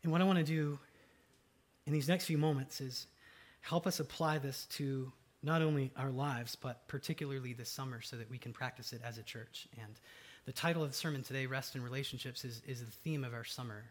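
A man preaching a sermon as pastor, conversational and dynamic, swinging between loud emphatic lines and soft, low ones. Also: a little fast. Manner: conversational with fillers and asides.

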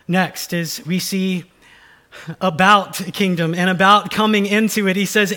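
Guy with a high voice preaching, earnest and emphatic, reads scripture then explains. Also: fairly even intonation, unhurried, sharp tone. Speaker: pastor. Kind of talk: sermon.

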